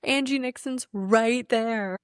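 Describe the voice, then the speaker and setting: A woman's voice: fairly high pitch, takes it slowly, clean tone, no echo. A woman co-hosting a podcast in casual political chat, emphatic and profane, laughing often. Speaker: podcast co-host.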